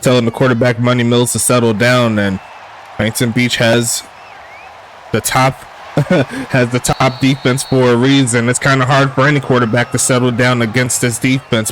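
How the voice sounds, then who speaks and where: A man calling a simulated football game play by play in a relaxed streaming style, joking with chat and rising on big plays. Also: medium pitch, a little hiss or hum. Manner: laid-back, laughs at jokey player names, excitable on big plays. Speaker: play-by-play commentator. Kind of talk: casual sim football commentary.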